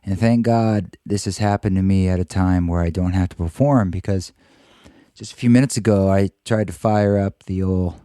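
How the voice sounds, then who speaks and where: A man hosting a podcast, hoarse and husky from a cold, chatting loosely and joking about himself. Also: low voice, moderate pace, mellow, no room sound, studio quality. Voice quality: husky, croaky. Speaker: podcast host. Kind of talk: casual podcast intro.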